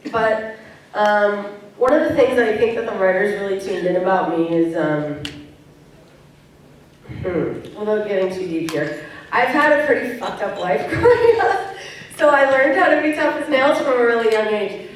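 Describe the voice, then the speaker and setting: A woman's voice: medium pitch, expressive, measured pace, a little hiss or hum. A woman from Canada answering fan questions as a convention panel guest, candid and laughing easily. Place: large convention hall. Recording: very echoey hall, distant mic.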